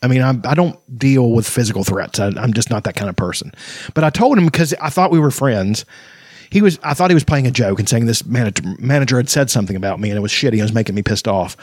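A man's voice: medium pitch, expressive, quick pace, darkish tone, dry recording, clean studio sound. A man in casual chat who swears freely, tells rambling stories and laughs often.

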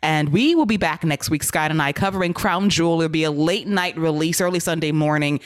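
A woman hosting a casual wrestling podcast, lively and blunt, laughing often. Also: sits low, fairly quick, dry recording. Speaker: podcast host.

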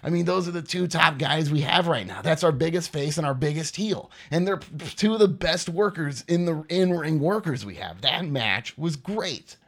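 Animated man recapping wrestling. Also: fairly high pitch, normal speed, hardly any pauses. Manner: rambling, animated, repeats points for emphasis. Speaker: podcast host.

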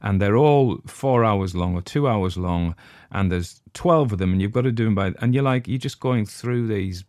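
A man's voice: on the low side, moderate pace, darkish tone, dry recording, studio quality. An older man hosting a podcast, chatting casually in a rambling, hesitant way with plenty of ums. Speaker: podcast host. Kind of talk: casual chat.

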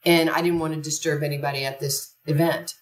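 A woman's voice: deep voice, steady tone, fairly quick. A woman, a podcast guest, telling a story conversationally and animatedly, acting out quoted dialogue. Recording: roomy echo from a distant mic.

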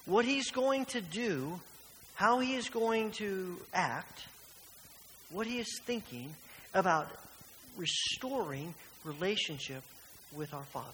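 A man's voice: high voice, lively intonation, slow, a bit bright. A man preaching a sermon in a church, earnest and fond of rhetorical questions. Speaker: pastor. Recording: reverberant church hall with faint hiss.

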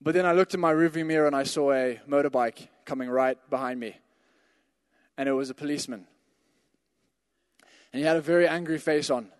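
A man with a fairly high voice delivers a sermon in a church. He tells a personal anecdote in a chatty way, then pushes into forceful calls to his listeners. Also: fairly quick, long pauses, long reverb tail. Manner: storytelling, builds to emphatic exhortations. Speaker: pastor.

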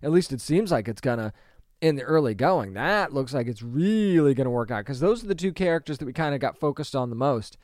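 A man's voice: medium pitch, lively intonation, fairly quick, a little mellow, no echo, clean studio sound. A man in his thirties or forties talking casually and emphatically to camera, asking rhetorical questions and restarting his sentences as he works through his opinion. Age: adult; grew up with a 1990s animated series, so 30s or 40s. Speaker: online movie commentator.

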